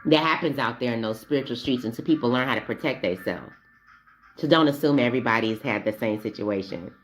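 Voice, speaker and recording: A woman with a low voice talks straight to camera in a blunt, profane, casual monologue. She drifts off on tangents and then pulls herself back. Faint music plays behind her. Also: a little fast. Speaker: vlogger.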